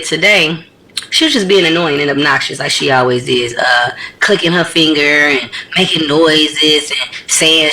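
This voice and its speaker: A woman ranting to camera in a casual vlog, telling the story in an animated, blunt and profane way. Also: low voice, low-quality recording. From United States. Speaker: vlogger.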